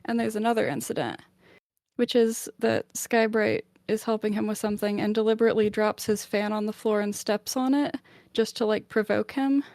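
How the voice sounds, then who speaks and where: A woman on a book club podcast casually retelling a chapter of a novel, chatty and animated, with plenty of "like". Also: mid-range voice, moderate pace, no echo, studio quality. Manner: chatty, lots of "like", animated summarising.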